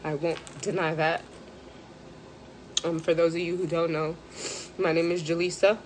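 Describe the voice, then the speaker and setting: A woman speaking on a live stream, close to tears, hesitant and full of pauses and fillers. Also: on the low side, flat delivery, slight background noise. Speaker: mental health live streamer. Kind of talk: emotional live stream talk.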